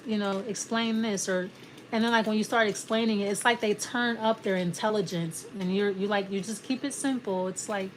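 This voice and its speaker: A woman's voice: mid-range voice, slight background noise. Rambling woman giving a tarot reading. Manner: rambling, restarts often, acts out quoted exchanges. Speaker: tarot reader. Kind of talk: casual tarot reading monologue.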